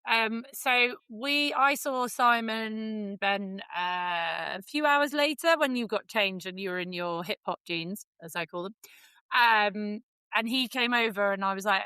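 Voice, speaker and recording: A woman co-hosting a podcast, telling stories in an animated, teasing way during casual chat. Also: medium pitch, unhurried, clean tone, no echo. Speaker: podcast co-host.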